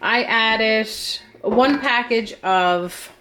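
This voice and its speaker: Chatty mom vlogger, stuffed up. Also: female voice, fairly high pitch, very slow, bright, forceful tone, slight background noise. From Eastern Canada. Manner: chatty, lots of ums. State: stuffed up from a cold. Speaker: stay-at-home mom vlogger. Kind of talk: casual vlog chat.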